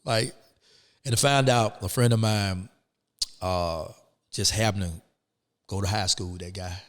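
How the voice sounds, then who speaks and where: A man's voice: fairly low pitch, a little slow, long reverb tail. A man, telling his story as a guest in a casual interview and acting out the people in it. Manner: animated, acts out quoted people.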